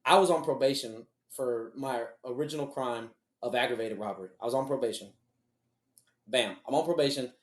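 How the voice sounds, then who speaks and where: A man co-hosting a podcast, telling a personal story in casual, profane, animated chat. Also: mid-range voice, brisk, reverberant. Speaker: podcast co-host.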